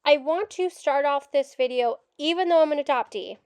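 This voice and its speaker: A woman with a high voice rants in frustration as she reacts to a documentary, cursing without apology. Her sound is dry and close to the mic, with no room around it. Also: normal speed, darkish tone, dry recording. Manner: frustrated, ranting, swears openly. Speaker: adoptee commentator. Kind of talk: reaction rant video.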